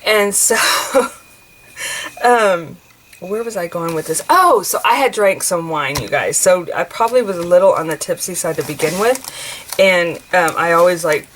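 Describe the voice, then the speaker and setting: A woman in her forties from the United States, a craft vlogger, speaks with fairly low pitch, lively intonation and a fairly bright tone at a moderate pace. She rambles casually while working on a craft journal, heavy on fillers and restarts. The rough recording has a little hiss or hum.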